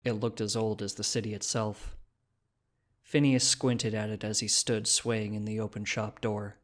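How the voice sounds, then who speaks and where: A man reading short stories aloud as narrator, in a steady storytelling manner. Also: on the low side, moderate pace. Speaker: story reader. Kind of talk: scripted narration.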